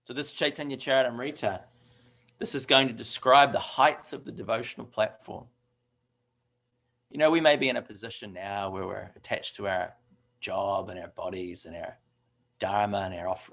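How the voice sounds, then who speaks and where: A man's voice: medium pitch, creaky, a bit bright. A man giving a devotional scripture class in a conversational way, with fillers and asides.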